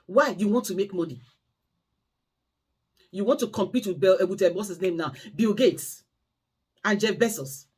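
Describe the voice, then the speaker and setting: A woman's voice: medium pitch, expressive, moderate pace, pauses often, a little mellow, husky. A woman carer vlogger telling cautionary stories and pleading emphatically with her audience. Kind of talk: impassioned storytelling monologue.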